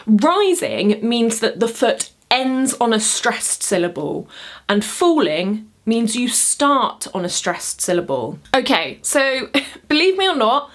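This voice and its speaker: A woman speaking at a slow, unhurried pace as she teaches poetry to camera. Her manner is chatty and upbeat, and she counts out the beats of each rhythm as she goes. She is standing up at home while she records. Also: fairly high pitch, very animated. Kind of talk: casual explainer video.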